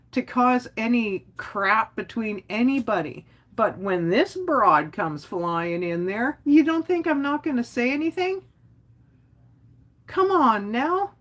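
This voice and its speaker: Outspoken woman ranting on a livestream. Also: fairly high pitch. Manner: outspoken, rambling, frequent "like". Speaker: livestream host. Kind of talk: casual livestream rant.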